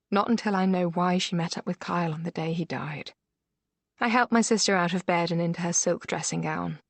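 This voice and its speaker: A woman reads a first-person thriller audiobook in a measured, steady way. Her voice sits fairly low. The recording is dry and close, with no room around it. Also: no echo. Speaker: audiobook narrator. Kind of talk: scripted first-person narration.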